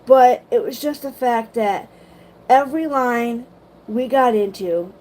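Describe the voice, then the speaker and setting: Animated woman telling stories. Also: fairly high pitch, slow, low-quality recording. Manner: animated, swearing, lots of "like". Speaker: livestream host. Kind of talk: casual storytelling to viewers.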